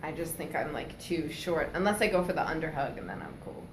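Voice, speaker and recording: A woman's voice: low-pitched, expressive, fairly quick, slight background noise. A woman co-hosting a casual chat, playful and teasing, who laughs a lot. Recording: echoey room with faint ambience.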